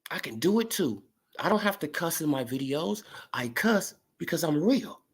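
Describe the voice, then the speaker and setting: Animated, profane woman ranting. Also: low voice, moderate pace, breathy edge. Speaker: sports commentary vlogger. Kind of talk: ranting commentary vlog.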